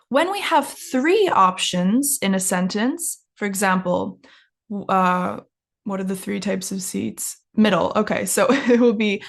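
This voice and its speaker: A woman's voice: on the high side, animated, a little slow. A woman teaching an English lesson, enunciating carefully and exaggerating rising and falling intonation so learners can copy it. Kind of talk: English lesson with shadowing practice.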